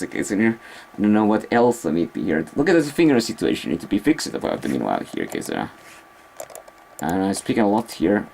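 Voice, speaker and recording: A man with a fairly low voice talks loosely to the camera in a casual vlog. He wanders from thought to thought, stopping and restarting as he searches for words. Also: creaky, darkish tone, a little hiss or hum. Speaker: vlogger. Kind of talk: rambling casual vlog talk.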